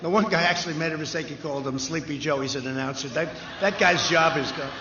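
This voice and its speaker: Man, rambling rally speech, bright forceful tone, long hall reverb, faint ambience behind. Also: fairly high pitch, quick pace, slight background noise. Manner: rambling, digressive, boastful asides. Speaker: speaker at a political rally. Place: large rally venue. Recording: echoey lo-fi rally sound system.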